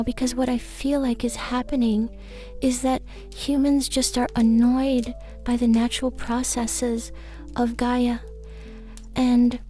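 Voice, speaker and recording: Woman voicing a high fussy garden fairy. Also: warm tone, close to an everyday voice. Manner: preachy, easily agitated, rambling. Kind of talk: comic character podcast chat.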